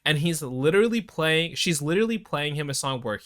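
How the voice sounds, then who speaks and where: Guy co-hosting a movie podcast, bright voice, lively, keeps acting out scenes and laughing. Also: fairly high pitch, a little fast. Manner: animated, laughs often, acts out quotes. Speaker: podcast co-host. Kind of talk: casual film discussion.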